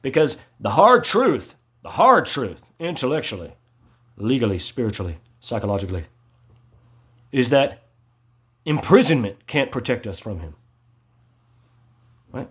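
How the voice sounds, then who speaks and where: A man delivering an agitated, repetitive monologue, ending his sentences with "right?" and swinging between loud emphasis and low mutters. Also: sing-song, moderate pace, pauses often. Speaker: vlogger. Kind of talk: ranting monologue to camera.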